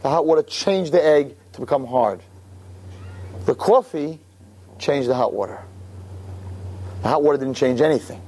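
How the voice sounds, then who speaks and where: A man's voice: a little high, normal speed, pauses often. A man doing a patient, wise old rabbi. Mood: explaining. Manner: calm, explaining. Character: patient, wise older male rabbi teacher.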